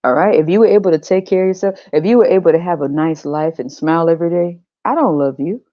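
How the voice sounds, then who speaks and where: A woman's voice: fairly low pitch, fast talker, dry recording, dull audio, close to an everyday voice. A woman voicing a brash, mocking male God who talks in blunt slang, in a comedic podcast skit. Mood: preachy mocking. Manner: swaggering slangy trash talk, teasing and blunt.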